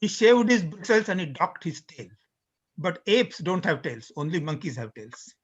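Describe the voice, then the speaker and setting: A high-voiced man lectures to beginners, explaining each point in turn with the odd pause and restart. The recording is dull and lo-fi. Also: big pitch swings, husky. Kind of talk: introductory lecture with recited lyrics.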